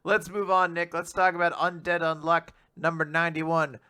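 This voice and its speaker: Male podcast co-host, bright and slightly high, animated, casual recap with swearing. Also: moderate pace, clear, resonant tone, dry recording, studio quality. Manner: animated, swearing, acts out dialogue in voices. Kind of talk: casual chat, acting out quoted lines.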